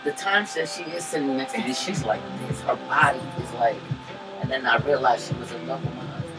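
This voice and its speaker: A woman co-hosting a podcast, telling a profane, animated story that swings between loud and hushed. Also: rumbling low, brisk. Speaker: podcast co-host. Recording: distant mic with music behind.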